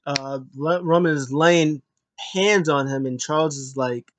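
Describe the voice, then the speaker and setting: A man giving a casual spoken review of a show, retelling it in an animated way, with frequent restarts and lively acted quotes. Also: a little high, unhurried, a little hiss or hum.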